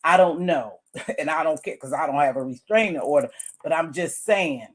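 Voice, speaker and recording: A woman with a fairly low voice talks through online drama in a loose, chatty monologue, musing aloud and circling back to repeat her points. She chews gum while she speaks, which lends her informal delivery a relaxed, unhurried feel. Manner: chewing gum while talking. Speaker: YouTube commentator. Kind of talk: casual commentary monologue.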